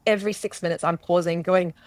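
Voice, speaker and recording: Fast and fairly even in intonation, an Australian woman with a fairly low voice shares her personal story as an interview guest. She comes across as earnest and searching, frequently starting over and quoting what she once said.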